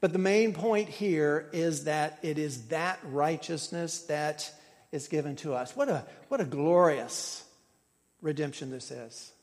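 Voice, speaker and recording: Guy preaching a sermon, kinda high voice, big loud bits then goes real quiet, long echo like a big hall. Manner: swings from loud emphatic peaks to hushed, drawn-out endings. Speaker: pastor. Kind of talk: expository sermon.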